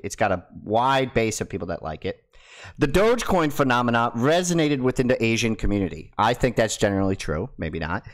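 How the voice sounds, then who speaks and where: A man hosting a casual crypto video, excitable and swearing, his voice jumping high and loud when he gets hyped. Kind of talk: casual talk to camera.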